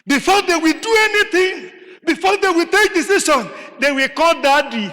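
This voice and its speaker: Nigerian man preaching, very high bright voice, animated, shouts then drops low, rhetorical questions. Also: moderate pace. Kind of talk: sermon. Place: chapel. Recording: long hall reverb in a chapel.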